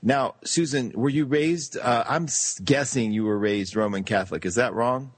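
A man's voice: medium pitch, moderate pace, breathy edge, dry recording. A man hosting an interview, asking enthusiastic, rambling questions with many restarts. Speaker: interview host. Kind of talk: casual interview chat.

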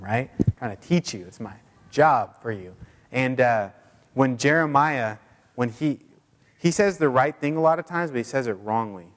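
A male pastor preaching and praying to his church in a loose, conversational way, with many fillers and restarts. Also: medium pitch. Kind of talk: sermon and prayer. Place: church sanctuary. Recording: long hall reverb.

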